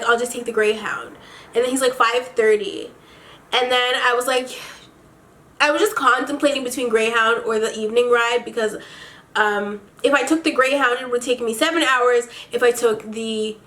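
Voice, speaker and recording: A woman with a high, bright voice tells a storytime vlog. She talks casually and with lots of animation, swearing freely and tossing in quick asides. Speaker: vlogger.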